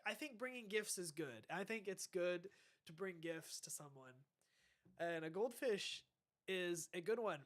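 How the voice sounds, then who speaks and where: A young man with a fairly high voice chats casually on a podcast. He rambles, restarts sentences and lets his thoughts trail off as he reacts to dating advice. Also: fairly bright tone. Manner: rambling, trailing off, self-correcting. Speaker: podcast host.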